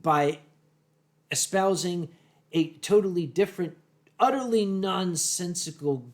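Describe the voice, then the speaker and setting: A man's voice: high-pitched, unhurried. A man in his thirties co-hosting a live stream, chatting casually with a dry, snarky wit. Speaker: stream co-host. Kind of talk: casual chat.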